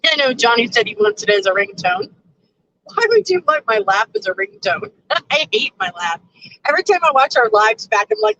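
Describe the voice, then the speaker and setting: A woman's voice: fairly high pitch, big pitch swings, normal speed, pushed and bright, highs cut off, slight background noise. A woman trucker hosting a casual live stream from her truck cab, chatting with viewers and laughing often. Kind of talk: casual live chat reading viewer comments.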